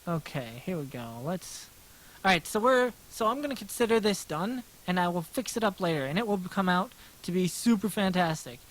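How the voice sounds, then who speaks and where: Gentle smooth-voiced American man. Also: sits high, lively intonation, normal speed, poor audio. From United States. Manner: rambling, self-deprecating, answers chat aloud. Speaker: livestreaming artist. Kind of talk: casual livestream chat while drawing.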